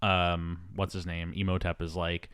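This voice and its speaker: A man hosting a movie podcast, retelling the plot in an animated, jokey way. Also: deep voice, moderate pace, clean tone, no room sound, clean studio sound. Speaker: podcast host. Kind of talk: casual movie chat.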